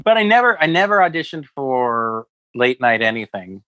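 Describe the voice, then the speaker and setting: A man's voice: medium pitch, sing-song, normal speed, pushed and bright, no room sound, muffled recording. A man who is a comedian, telling rambling stories in a casual podcast chat and acting out quotes. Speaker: comedian guest. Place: West Hollywood.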